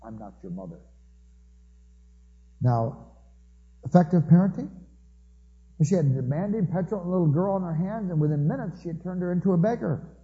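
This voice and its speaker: A man's voice: sits high, animated, a little fast, long pauses. A man giving a conversational sermon, telling stories with humorous asides. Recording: dull recording with long hall reverb.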